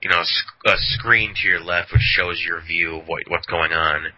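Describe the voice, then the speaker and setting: A man's voice: low voice, steady tone, moderate pace. A man co-hosting a podcast, chatting casually and rambling, laughing often. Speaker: podcast co-host. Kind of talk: casual chat. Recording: dull lo-fi audio.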